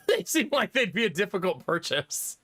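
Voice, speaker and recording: Man, high voice, bright tone, casual streamer chat, laughs a lot, dry close mic. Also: normal speed, no echo. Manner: animated, laughs often, swears casually. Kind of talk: casual chat with live viewers.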